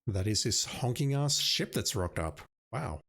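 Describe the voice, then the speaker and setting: A man's voice: lowish voice, expressive, unhurried, creaky, fairly bright tone. Wry man commenting on a game. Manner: wry, self-mocking, reads game text aloud. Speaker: gamer playing a classic adventure game. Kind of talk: let's play commentary.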